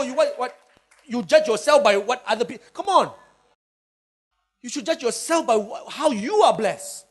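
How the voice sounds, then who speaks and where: A middle-aged male pastor preaches animatedly, with emphatic bursts and playful asides. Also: extremely high pitch. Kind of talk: sermon.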